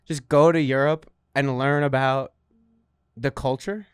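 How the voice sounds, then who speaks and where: A man's voice: mid-range voice, steady tone, unhurried, clear, resonant tone, no room sound, clean studio sound. A young man co-hosting a podcast, telling wry, self-mocking stories in casual comedic chat. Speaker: podcast co-host.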